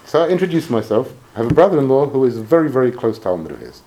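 A man telling a personal anecdote in an animated, expressive way. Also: very fast, highs cut off. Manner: animated, expressive storytelling with swings in pitch. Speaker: speaker telling a personal story. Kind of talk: anecdotal storytelling talk.

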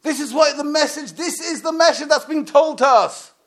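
High-voiced man preaching with passion. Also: normal speed, vocal fry. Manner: impassioned, swings from loud to hushed. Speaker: rabbi. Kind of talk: sermon.

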